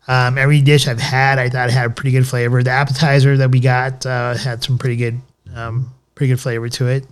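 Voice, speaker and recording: A man's voice: mid-range voice, clean tone. Rambling casual man reviewing food. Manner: rambling, many fillers and restarts. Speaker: podcast co-host. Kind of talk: casual chat, restaurant review.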